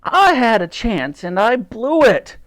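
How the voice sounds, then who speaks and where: A timid young private from a children's storybook, as a man reading aloud puts him on. He speaks high and meekly, with a despairing edge. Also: very animated, unhurried, dark tone. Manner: meek, despairing. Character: timid young male private, self-doubting.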